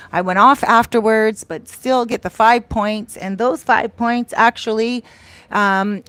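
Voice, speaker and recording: A woman's voice: on the high side, no echo. A woman hosting a casual livestream, chatting affectionately and reading out viewer comments. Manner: affectionate, effusive, reads viewer comments aloud. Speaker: livestream host and life coach. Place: outdoors in the Dominican Republic.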